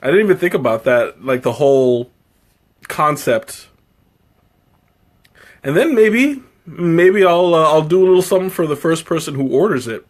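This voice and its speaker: A man with a fairly high, expressive voice moves at a moderate pace, leaving long pauses, as he hosts an easygoing live tea tasting. He chats with viewers in a meandering, self-interrupting way, laughing often and mocking himself playfully.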